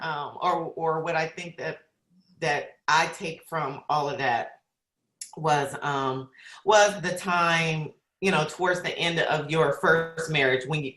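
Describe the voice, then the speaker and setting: A woman hosting a podcast, reflecting back on her guest's story in measured talk. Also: low-pitched, fairly bright tone. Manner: measured, with many fillers and restarts. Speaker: podcast host. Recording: roomy echo.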